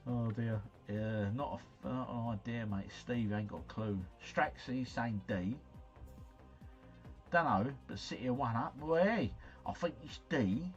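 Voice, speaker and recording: A man's voice: mid-range voice, highs cut off. Bloke chatting away on his stream, musing over quiz answers, bit slangy, faint music behind. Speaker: livestream host. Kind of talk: casual livestream chat.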